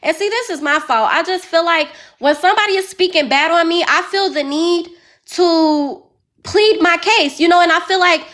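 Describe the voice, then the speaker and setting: A woman's voice: very high-pitched, moderate pace. A woman, venting in a heated, repetitive way, calling in to a live advice stream. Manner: heated, repeats phrases, rising to yelling. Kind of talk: emotional venting story.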